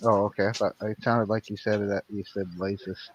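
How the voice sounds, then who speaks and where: A man's voice: on the low side, little pitch movement, a little fast, lo-fi sound, background noise. A man co-hosting a casual live stream, chatting and laughing, often stammering as he starts sentences. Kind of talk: casual livestream chat.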